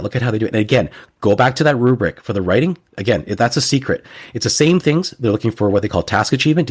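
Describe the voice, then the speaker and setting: A man's voice: on the low side, slightly rough. Earnest man giving teaching advice. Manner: earnest advice-giving with frequent word repeats. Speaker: guest IELTS teacher. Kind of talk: casual podcast interview.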